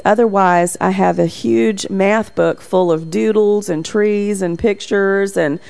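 A woman's voice: medium pitch, vocal fry, a little mellow. A middle-aged woman giving a talk on raising children, telling stories from home and acting out what she said to her kids. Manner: anecdotal, acts out quotes with livelier voice. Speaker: parenting speaker. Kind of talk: talk on parenting.

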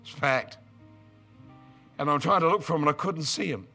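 An older man preaching a storytelling sermon, moving from quiet asides to loud, excited outbursts. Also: on the high side, normal speed, creaky, faint music behind.

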